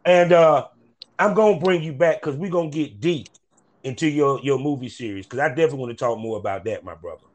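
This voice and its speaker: A man's voice: medium pitch, fast talker. A man hosting a casual interview, laid-back and slangy. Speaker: podcast host.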